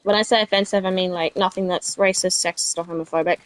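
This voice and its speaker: Talking fast with a fairly low, rather even voice, a South Australian let's play streamer chats with her viewers during a game, rambling and responding to live chat. There is no echo.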